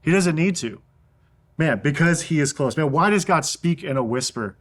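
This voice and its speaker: A young man gives a youth sermon in a relaxed, conversational way, leaning on "man" and "um" as he goes. His voice sits a little on the high side for a man. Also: normal speed. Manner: casual, peppered with "man". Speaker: youth pastor.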